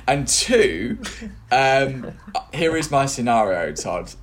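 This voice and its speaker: A man's voice: medium pitch, big pitch swings, takes it slowly. A man co-hosting a casual podcast, rambling through hypothetical scenarios with lots of fillers and restarts. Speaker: podcast co-host.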